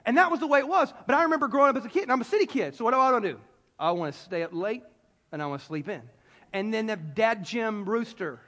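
A fast-talking pastor from South Carolina delivers a sermon to a crowd in a large hall, his voice pitched very high. He tells the story with lively, playful energy, slipping into character voices, while a long hall reverb trails each phrase.

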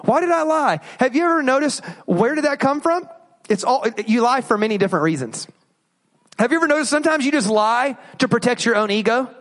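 A man's voice: very high voice, animated, fairly quick, a bit bright. A man preaching a sermon, asking rhetorical questions and acting out inner voices. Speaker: pastor.

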